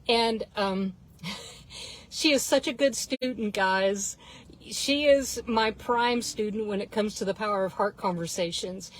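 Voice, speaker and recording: A woman life coach telling a story to her viewers in an unhurried, earnest way, often calling them guys. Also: medium pitch, poor audio.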